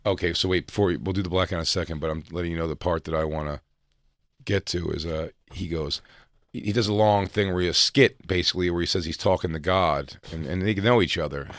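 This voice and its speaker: A man chatting on a comedy podcast, acting out quotes in loud high voices and swearing freely. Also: steady tone, fast, no room sound, clean studio sound. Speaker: podcast co-host. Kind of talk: casual comedy podcast chat.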